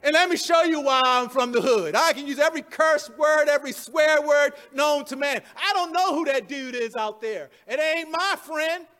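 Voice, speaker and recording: A man's voice: very high-pitched, normal speed, hardly any pauses, pushed and bright, in a large hall, pitched above the performer's own voice. A man voicing a frightened disciple who panics and then denies it all in brash street slang.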